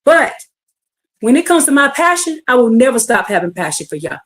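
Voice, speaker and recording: Fervent woman preacher on a livestream, high voice, goes from hushed to shouting. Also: very animated, brisk. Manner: fervent, calls out to listeners, swings from hushed to shouting. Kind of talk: livestream sermon.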